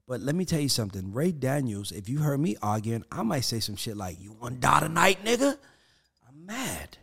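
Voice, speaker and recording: A man talking casually as a podcast guest, telling stories with energy, acting out the quotes and cursing freely. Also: mid-range voice. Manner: animated storyteller who acts out quotes, curses freely.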